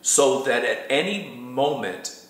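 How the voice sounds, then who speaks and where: A man with a bright, forceful tone talks through a hard idea, stopping and restarting as he searches for words. His voice bounces in an echoey room. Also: medium pitch, expressive. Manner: halting, restarts, thoughtful. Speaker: co-host. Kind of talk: casual spiritual talk.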